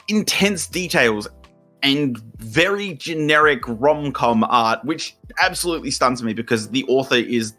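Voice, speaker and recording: A man's voice: medium pitch, sharp tone. A young Australian man co-hosting a podcast, ranting and explaining at length, with plenty of swearing. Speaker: podcast co-host. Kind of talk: casual chat.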